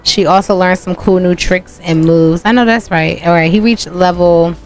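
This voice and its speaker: A woman talking her way through a life-sim game, chatty and full of playful scolding aimed at the characters on screen. Her voice sits a little low for a woman. Quiet game music plays underneath. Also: steady tone, normal speed. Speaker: game streamer. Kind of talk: casual gameplay commentary.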